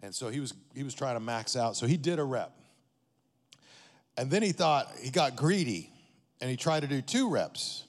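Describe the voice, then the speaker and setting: A man's voice: medium pitch, lively intonation, moderate pace, long pauses, big-room sound. A man, a pastor, telling a story in a sermon in a conversational way, often checking in with his listeners.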